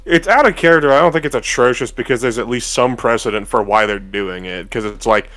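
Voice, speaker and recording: A man's voice: medium pitch, fairly quick, fairly bright tone, no room sound. Co-host, male, easygoing, swears freely, dry sound. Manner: laid-back, profane, mock-voices in asides. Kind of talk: casual podcast chat.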